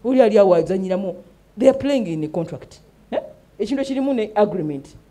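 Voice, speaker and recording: A middle-aged woman with a Ugandan accent holds forth as a talk show host. She talks fast, and her pitch leaps up and down. She keeps checking in with her listeners with a quick "eh?". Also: lively intonation, dark tone. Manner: emphatic, mixes English and Luganda, asks "eh?" often. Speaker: host and mentor. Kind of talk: animated talk show monologue.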